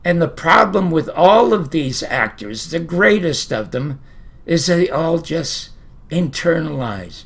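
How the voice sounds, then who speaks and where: An older man from Canada talks straight to the camera, spinning a story at an unhurried, drawn-out pace. His voice sits a little high and carries a gravelly rasp, and he delivers his opinions bluntly, with the odd casual curse. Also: sing-song, fairly bright tone. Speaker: host.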